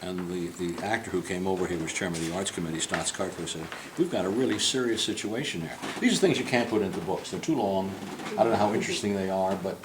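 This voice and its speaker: Older man, low voice, humorous digressive storyteller, tour guide, noisy room ambience. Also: fast, hardly any pauses. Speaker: portrait painter giving a club tour. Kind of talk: anecdotal storytelling to a group. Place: club interior, in a room with a group.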